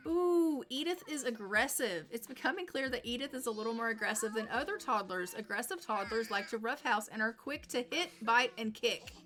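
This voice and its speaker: A woman's voice: a little high, animated, normal speed, hardly any pauses. A woman streaming a life-sim game, chatting casually with dry, sarcastic asides. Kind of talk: casual gameplay commentary.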